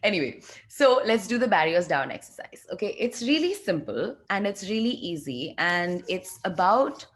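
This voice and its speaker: A woman leading a group video call, guiding a relaxed exercise with loose, chatty phrasing and drawn-out soft instructions. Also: medium pitch. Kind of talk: guided energy exercise, casual.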